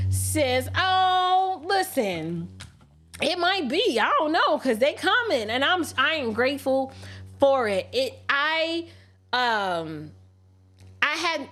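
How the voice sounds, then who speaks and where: An animated woman hosts a livestream and chats straight to her viewers. Her voice sits high, and she shoots quick, sassy asides back at their messages. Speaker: livestream host. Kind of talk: casual livestream chat reading super chats.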